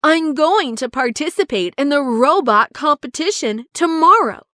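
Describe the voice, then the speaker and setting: A woman doing a cheerful young boy inventor in a children's storybook, high and lively, sliding up in sudden eager bursts. He talks in a bright, pleading way, close and dry with no room around him. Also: measured pace, no room sound, full character voice. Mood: explaining.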